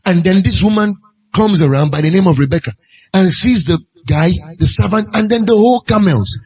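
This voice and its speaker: A man's voice: high-pitched, fairly quick, a little mellow, husky. A man preaching a sermon, pressing his point with repeated rhetorical questions. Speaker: pastor.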